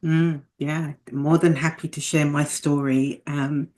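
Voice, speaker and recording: A woman's voice: sits low, level tone, slow, a little mellow. A middle-aged British woman, a guest from the United Kingdom, telling her personal story in a reflective, candid way, with remarks about faith.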